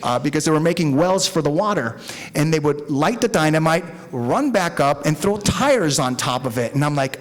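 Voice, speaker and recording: A middle-aged man from Mexico tells his story at a recovery meeting, swearing freely and rambling with animated energy. His voice sits a bit higher than most men's. He talks candidly to a room of listeners. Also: normal speed.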